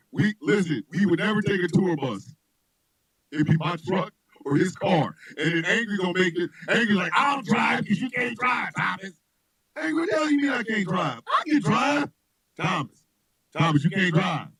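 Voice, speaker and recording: Rowdy, high-voiced male comedian. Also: breathy edge, no echo, poor audio. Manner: animated, often shouting and laughing. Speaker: comedian and radio host. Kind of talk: loud, joking casual chat.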